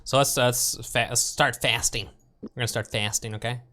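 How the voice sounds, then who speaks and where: A man's voice: medium pitch, fairly even intonation, normal speed, bright, forceful tone. A man streaming a retro game, thinking aloud in a rambling, unsure way and asking his viewers questions. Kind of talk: casual let's play commentary.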